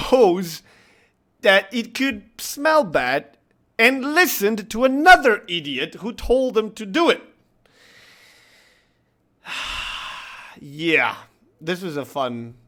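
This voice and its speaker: A man recounts a household mishap to his viewers in casual vlog style. His voice sits a little high for a man, and he takes his time. He keeps breaking into laughter while he tells it. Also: very animated, slow, pauses often, a bit bright. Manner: chatty, laughs through his story. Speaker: gaming channel host.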